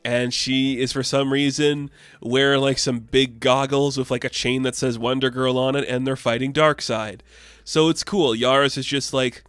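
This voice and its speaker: A man's voice: mid-range voice, level tone, normal speed, fairly bright tone, clear, resonant tone, no room sound. A man reviewing comics in a casual, rambling way, with many fillers and the odd swear word.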